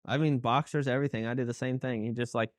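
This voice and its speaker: A male racing driver as a talk-show guest, mid pitch, recorded close and dry. He talks in a relaxed, easygoing way and jokes at his own expense. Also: quick pace, dry recording. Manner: easygoing, self-mocking humor. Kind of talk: casual interview chat.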